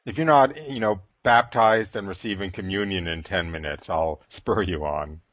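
Man, radio host, gentle, hesitant, lightly joking, dry tinny sound. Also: sits low, normal speed, no room sound. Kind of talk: casual chat.

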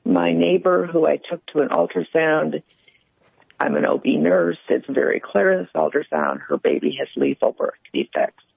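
A woman calls in with her faith story, telling it in an earnest, halting way. Her voice is heavily gravelly and husky. It comes through a tinny, dry phone line. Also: deep voice, animated, no echo. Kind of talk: personal faith testimony.

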